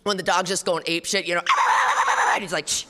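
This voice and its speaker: A woman's voice: on the low side, fairly even intonation, moderate pace, sharp tone. A woman giving a personal testimony at a recovery meeting, talking bluntly and profanely in a casual storytelling way. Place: meeting hall before an audience. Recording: reverberant live hall.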